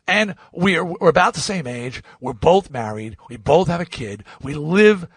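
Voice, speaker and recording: Lively man from Long Island telling a story. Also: unhurried, slightly rough, no room sound. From Long Island, New York. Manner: acts out quoted voices with swings in pitch and loudness; rambling, with many restarts and asides. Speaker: podcast host. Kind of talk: animated anecdote storytelling.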